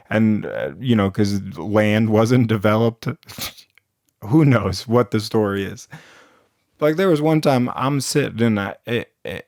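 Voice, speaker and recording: A man's voice: mid-range voice, a little mellow, no echo, clean studio sound. A young man improvising rambling comic stories, full of fillers and frequent chuckles. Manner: rambling, chuckles between lines, lots of fillers. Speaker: storyteller.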